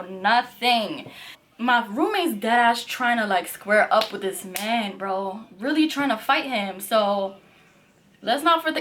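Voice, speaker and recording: A woman in her twenties telling a story to camera in a casual, heated, profane way, at home on a camera mic. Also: a little high. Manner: animated, profane, heated retelling. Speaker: vlogger.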